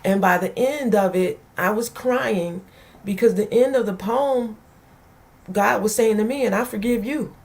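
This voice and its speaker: A woman's voice: mid-range voice, unhurried, a little mellow. A woman author on a talk show, speaking in an earnest, heartfelt way about faith and forgiveness. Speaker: author guest.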